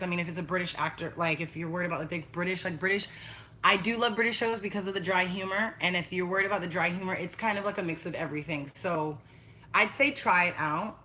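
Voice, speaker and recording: A young woman talks straight to her webcam in a loose, blunt livestream chat, cursing freely. Her voice is bright and cutting. Faint noise sits under the phone-mic sound. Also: medium pitch. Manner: chatty, blunt, swears freely. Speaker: vlogger.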